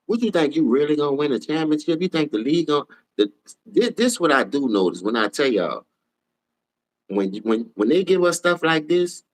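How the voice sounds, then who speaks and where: A man hosting a live sports talk stream, ranting in a profane, animated way and swinging from low mutters to high shouts. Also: low-quality recording. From New Orleans. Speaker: sports talk show host. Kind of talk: heated casual live-stream rant.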